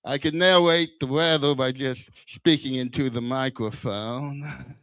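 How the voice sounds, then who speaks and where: A man's voice: mid-range voice, a little slow, smooth, dry recording. Older man with a whistling lisp. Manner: self-deprecating one-liners, deadpan delivery. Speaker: stand-up comic. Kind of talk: stand-up comedy set. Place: comedy club stage.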